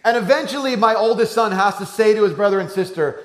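A man preaching a sermon as a pastor, telling a family story and moving between hushed, low lines and loud, animated ones. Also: a little fast. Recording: echoey room.

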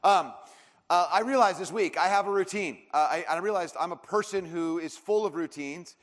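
A man's voice: high-pitched, normal speed. A man in his thirties preaching a sermon, telling a story in a rambling way with lots of fillers and restarts. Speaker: pastor. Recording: long hall reverb.

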